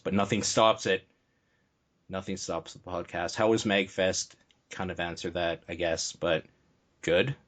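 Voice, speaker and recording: A man's voice: low voice, level tone, a little slow, a bit bright. A man hosting a casual podcast, blunt and joking, swearing freely. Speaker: podcast host.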